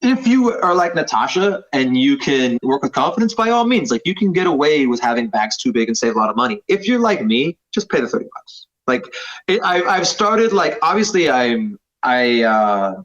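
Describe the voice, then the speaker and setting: A man's voice: mid-range voice, a bit bright. A man in his thirties, a jiu-jitsu instructor talking as a podcast guest, rambling and self-deprecating with lots of fillers. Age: 30s. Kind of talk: casual podcast conversation. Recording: slightly dull podcast audio.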